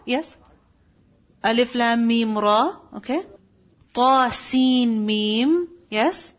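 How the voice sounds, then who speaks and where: A woman teaching a religious lesson to children, asking the class questions and answering them herself with lively storytelling. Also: on the high side, highs cut off.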